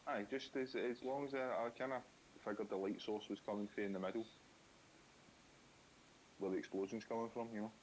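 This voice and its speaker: A man's voice: on the low side, steady tone, fairly quick, pauses often, a little mellow, low-quality recording. A Scottish man in his thirties chatting casually while drawing on a live stream, laid-back and easygoing. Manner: laid-back, says aye and wee a lot. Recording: faint hiss.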